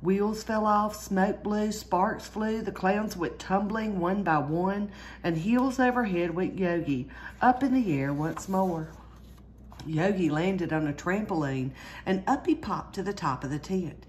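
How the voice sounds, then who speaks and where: A woman reading a children's storybook aloud in a lively way, jumping higher for the characters' cries. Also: measured pace, slight background noise. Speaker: storyteller reading a picture book.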